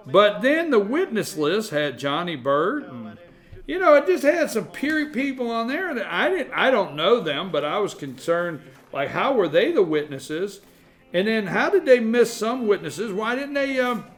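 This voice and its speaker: Rambling talk show host, man. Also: high voice. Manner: rambling, self-deprecating, animated storytelling. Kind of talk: casual talk show monologue.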